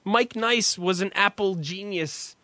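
A man co-hosting a casual comedic chat, swearing freely and getting excited. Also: high-pitched, takes it slowly, dry recording. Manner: profane, excitable, laughing.

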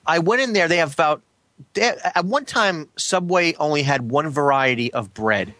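A man's voice: fairly high pitch, expressive, moderate pace, sharp tone, no room sound. A man telling an exasperated anecdote in casual talk, often stumbling and repeating words. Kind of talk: casual storytelling chat.

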